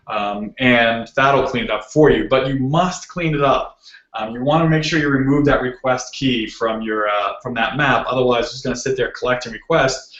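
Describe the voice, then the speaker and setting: A man's voice: medium pitch, a bit bright. Boston-accented man giving a casual tech talk. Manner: casual and joking, lots of ums. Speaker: guest speaker. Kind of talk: technical talk. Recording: roomy muffled video call audio.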